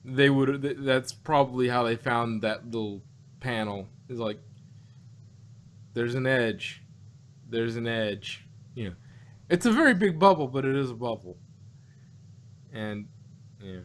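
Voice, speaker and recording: A man's voice: medium pitch, animated, normal speed, pauses often, a little hiss or hum. A man co-hosting a casual review podcast, thinking aloud with lots of fillers and restarts. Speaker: podcast co-host.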